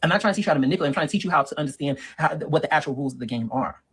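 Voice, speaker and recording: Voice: medium pitch, lively intonation, rapid-fire, husky, rough recording. A performer playing a sassy middle-aged woman who lectures on dating in a comedic monologue and keeps calling the listener girl and honey. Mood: sassy lecturing. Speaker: relationship advice monologue.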